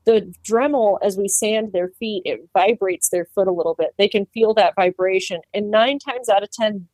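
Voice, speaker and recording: Brief: animated woman expert guest, mid pitch, dry close recording, lively asides. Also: no echo. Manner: animated, acts out quoted voices, laughs easily. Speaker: farrier and pig trimmer. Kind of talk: casual interview talk.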